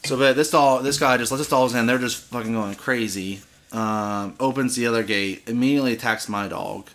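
Bright-voiced man telling a rambling story. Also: medium pitch, a little fast. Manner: rambling, profane storytelling with many restarts. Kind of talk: casual chat.

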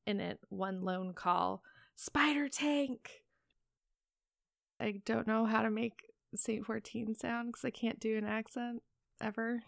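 A woman reading a story aloud in a calm, even voice, then chatting casually with co-hosts. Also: on the high side, unhurried, gravelly, no room sound, clean studio sound. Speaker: reader and podcast co-host. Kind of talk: reading fan fiction aloud.

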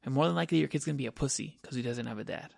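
A man's voice: mid-range voice, very fast, vocal fry, a little mellow, husky, dry recording, clean studio sound. A man in casual podcast chat, blunt and profane, ending almost every phrase with "dude".

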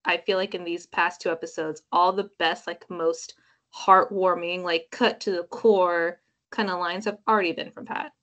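A woman's voice: lowish voice, fairly even intonation, normal speed, a bit bright. A woman co-hosting a podcast, talking casually and chattily with lots of filler words. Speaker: podcast co-host. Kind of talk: casual chat.

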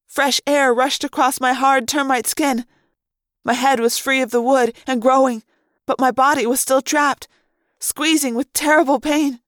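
A woman's voice: high-pitched, steady tone, normal speed, fairly bright tone, no echo, studio quality. A woman reading a novel aloud in the first person, with tense, dramatic delivery.

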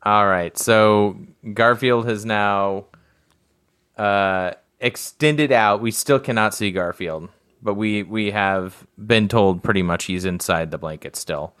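Man, podcast co-host, casual chat, low voice, unhurried halting delivery, frequent chuckles. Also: a bit bright, smooth, dry recording, clean studio sound.

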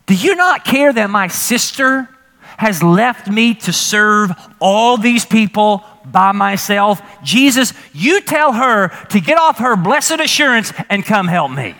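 A man's voice: high-pitched, sing-song, slow, pushed and bright, long reverb tail, full character voice. A man voicing Martha, a frustrated, overworked woman who complains in a whiny, exasperated way. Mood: aggrieved.

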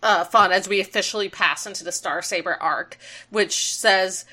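A podcast co-host chats playfully, teasing her partner and swearing casually. Her mid-range voice has a sharp tone and a moderate pace.

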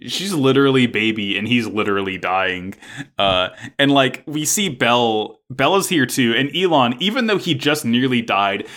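Male co-host, casual recap chat, lively and bright-toned, swears a lot. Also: mid-range voice, normal speed. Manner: animated retelling with swearing and acted quotes. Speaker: podcast co-host.

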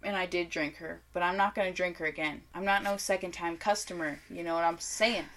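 A woman's voice: fairly low pitch, a little fast. A young woman co-hosting a podcast, chatting casually and giggling while tasting beers, swearing freely. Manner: giggly, profane, animated. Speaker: podcast co-host. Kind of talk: casual chat, beer tasting.

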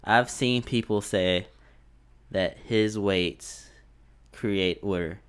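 A man's voice: on the low side, extremely slow, clean tone. A man co-hosting a casual chat, talking bluntly in slang, cursing and laughing often. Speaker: podcast co-host.

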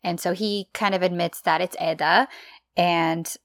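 A woman's voice: fairly low pitch, fairly even intonation, unhurried, no room sound. A woman co-hosting a podcast, telling what happens in an episode in a laid-back way. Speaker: podcast co-host. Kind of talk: casual recap chat.

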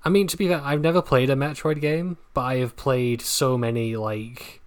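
Dry, deadpan woman podcast co-host. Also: rumbling low, moderate pace. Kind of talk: casual chat.

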